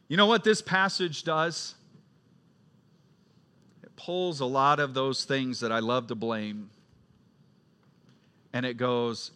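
Bright-voiced man preaching with emphasis. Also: medium pitch, takes it slowly, pauses often, clean tone. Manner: swings from loud emphatic questions to quiet storytelling. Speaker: pastor. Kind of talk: sermon.

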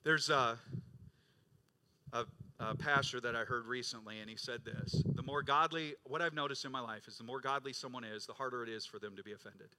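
A middle-aged male pastor preaching a sermon, rising to loud emphatic peaks and dropping to quiet low stretches, acting out quoted voices. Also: brisk. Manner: acts out quoted voices of congregants and Jesus.

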